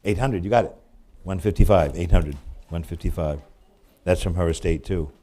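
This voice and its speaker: Deep-voiced man calling a live auction. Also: dark tone. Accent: New England. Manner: rapid repetitive bid calling with chatty asides.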